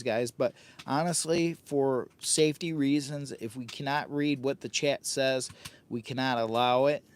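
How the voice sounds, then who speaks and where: A man's voice: mid-range voice, clear, resonant tone. An older man hosting a camping livestream from a hot tent, chatting casually, repeating himself and calling himself by a nickname in the third person. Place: hot tent outdoors on a windy day.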